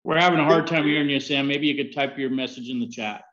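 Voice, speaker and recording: Brief: mid-pitched male reading out questions politely, muffled lo-fi audio. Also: fast talker, a bit bright. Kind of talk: webinar Q&A. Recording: dull lo-fi audio.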